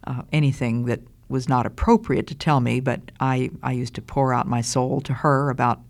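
An older woman giving a Christian devotional talk in a slow, deliberate, earnest way. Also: very deep voice, fairly even intonation. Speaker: Christian speaker.

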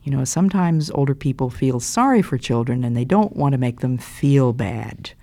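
A storyteller reading a children's tale aloud and then asking the listeners about its lesson in an animated, questioning way. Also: mid-range voice, normal speed, creaky.

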